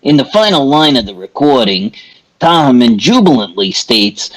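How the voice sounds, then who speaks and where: A man's voice: mid-range voice, big pitch swings, moderate pace, rough recording. A man playing in a tabletop game, reading out game text and laughing often as he chats. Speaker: player. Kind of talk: casual tabletop game chat.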